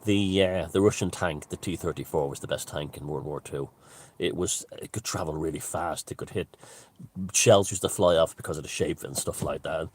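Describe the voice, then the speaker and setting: Deep-voiced man in a rambling monologue. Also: moderate pace, breathy edge. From Ireland. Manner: rambling, emphatic, many restarts and asides. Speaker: author and commentator. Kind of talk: casual monologue.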